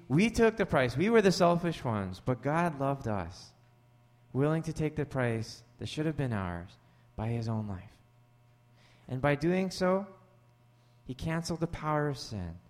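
Male pastor, casual sermon, mid-pitched voice, chatty asides, turns lively when joking. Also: in a large hall. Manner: conversational, jokey asides, rising animated when joking. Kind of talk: sermon with storytelling.

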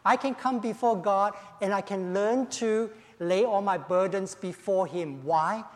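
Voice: mid-range voice, a little slow. Emphatic preacher in a reverberant hall. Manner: emphatic, repeats key phrases, frequent "you know" fillers. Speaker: pastor. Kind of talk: sermon with opening prayer. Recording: long reverb of a large hall.

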